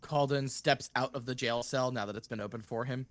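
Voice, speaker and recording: A man's voice: medium pitch, fairly even intonation, a bit bright, no echo. Chatty man player, dry close voice. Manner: quick, self-mocking, chatty. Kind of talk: casual tabletop play.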